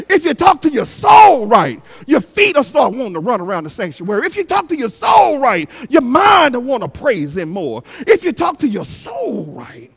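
A middle-aged man delivering a fiery sermon in a strikingly high voice. His pitch rises and falls dramatically as he repeats his phrases in a call-and-response rhythm. He moves between shouted peaks and quick, quiet asides. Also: slightly rough. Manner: fiery preaching that swings between shouts and hushed, fast asides; repetitive call-and-response cadence. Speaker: guest preacher.

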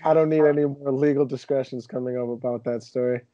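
A young man in his twenties hosting a casual podcast, telling stories with animated, mock-indignant energy. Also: medium pitch, fast talker, no echo, dull audio. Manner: animated storyteller, exaggerated indignation. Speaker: podcast host.

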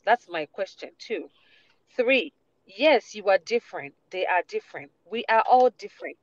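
A man's voice: high voice, lively intonation, moderate pace, no echo, lo-fi sound. A Ghanaian man on a talk show, mixing Twi and English as he playfully puts pointed questions to a guest. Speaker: panelist asking questions.

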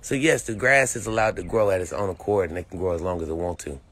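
A man's voice: deep voice, fast, fairly bright tone. A young man talks casually to his livestream viewers from a phone. His delivery is laid-back and slangy, full of repeated phrases and easy laughter. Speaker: livestream host.

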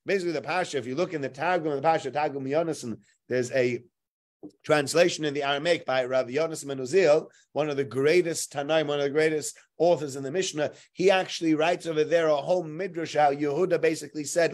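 A man's voice: on the high side, fast. A man gives a casual Torah lesson, telling stories with humor and acting out bits of dialogue. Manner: animated, humorous, acts out dialogue. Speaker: Torah teacher.

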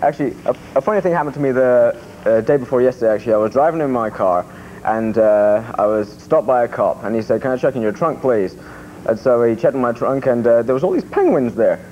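A man's voice: medium pitch, animated, quick pace, mellow. Jokey male radio host, dull sound. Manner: jokey, tells gags, laughs often. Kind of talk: casual morning radio banter. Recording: dull radio audio with faint hiss.

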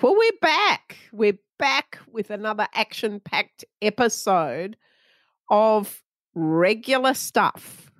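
A woman co-hosting a podcast, opening the discussion with upbeat, lively greetings. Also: mid-range voice, no echo, clean studio sound. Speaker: podcast co-host. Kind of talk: casual podcast chat.

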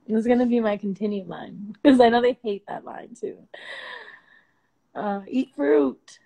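Slangy, animated woman on a phone livestream. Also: on the high side, measured pace, gravelly, low-quality recording. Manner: slangy and profane, animated and laughing. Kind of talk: casual livestream chat.

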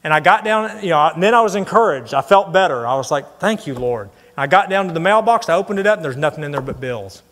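A middle-aged man preaching a sermon, telling a personal story in an earnest, animated way. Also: fairly high pitch, quick pace, hardly any pauses. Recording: long hall reverb.

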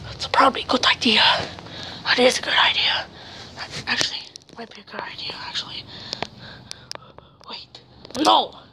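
A woman acting out every character in a homemade zombie drama, swinging between shouted curses and hushed whispers. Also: on the high side, normal speed, gravelly, pauses often.

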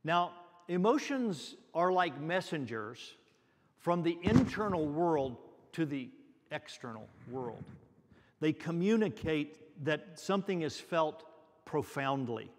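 Male pastor, fairly high voice, unhurried earnest sermon, long church reverb. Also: sing-song. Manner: earnest, repeats words for emphasis. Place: church sanctuary.

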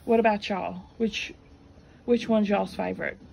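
Southern woman sewing vlogger, mid-pitched, chatty storyteller, faint noise. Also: steady tone, unhurried, creaky. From Arkansas. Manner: chatty, meandering, soft-spoken asides. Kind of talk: casual storytelling while sewing. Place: home sewing room.

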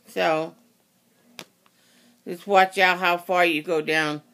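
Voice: medium pitch, flat delivery, takes it slowly, pushed and bright. A craft tutorial host giving a casual how-to demonstration, rambling and often correcting and apologizing.

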